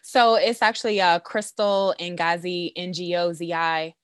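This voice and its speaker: A woman's voice: on the low side, little pitch movement, a little slow, clean tone, dry recording, clean studio sound. A woman, a beauty business owner and coach, talking confidently in a podcast interview with many "you know"s. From United States. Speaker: esthetician and business coach guest.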